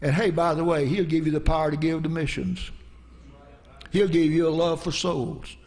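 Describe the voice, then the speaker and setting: A man's voice: a little high, fairly even intonation, normal speed, a little mellow. A male pastor preaching a sermon in a church, telling stories in a folksy way and dropping in frequent amens. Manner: folksy storytelling, peppered with "amen".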